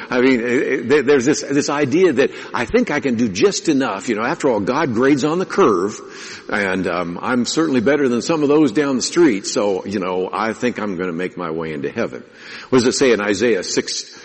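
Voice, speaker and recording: A man's voice: on the low side, husky. A man preaching a sermon as pastor, teaching in a conversational way and asking his listeners rhetorical questions. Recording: long reverb of a large hall.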